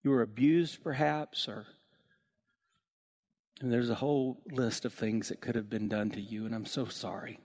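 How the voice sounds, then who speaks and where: A man preaching a sermon to his church, telling stories with lively acted-out voices. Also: normal speed, pauses often. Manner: animated storytelling, acts out voices with big swings in pitch. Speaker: pastor.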